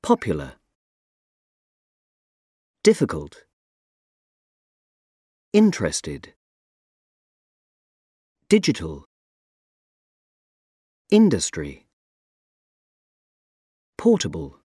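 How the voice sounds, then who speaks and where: A speaker slowly reading single words for pronunciation practice, one word at a time. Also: low-pitched, huge pitch swings, warm tone, slightly rough, no echo, clean studio sound. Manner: slow, deliberate word-by-word reading.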